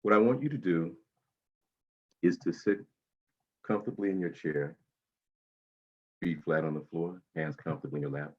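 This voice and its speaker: A man leading a guided breathing meditation, speaking slowly and soothingly with long pauses. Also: deep voice, highs cut off.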